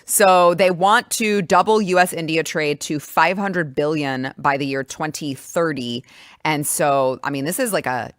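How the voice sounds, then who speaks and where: A woman with a notably low voice hosts a casual talk show, chatty and quick to joke, filling pauses with ums and uhs. The sound is dry and close, with no room in it. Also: no echo. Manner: chatty, joking, filler-heavy. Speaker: show host.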